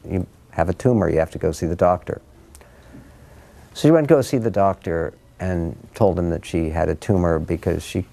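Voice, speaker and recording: Gravelly-voiced older man telling a story. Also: sits low, mellow. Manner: rambling with many ums and restarts, wry humor. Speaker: author giving a book talk. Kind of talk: conversational storytelling talk to an audience. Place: room with a live audience.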